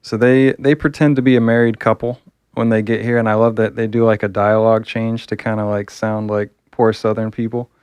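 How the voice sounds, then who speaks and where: A man's voice: on the low side, level tone, fairly quick, darkish tone, clear, resonant tone, no echo. A man reviewing a comic book, talking casually and enthusiastically, rambling with fillers.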